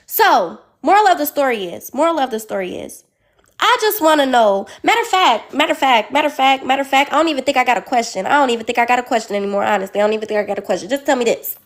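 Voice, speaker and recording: A woman's voice: sits high, expressive, quick pace. A woman, venting in a heated, repetitive way, calling in to a live advice stream. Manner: heated, repeats phrases, rising to yelling. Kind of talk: emotional venting story.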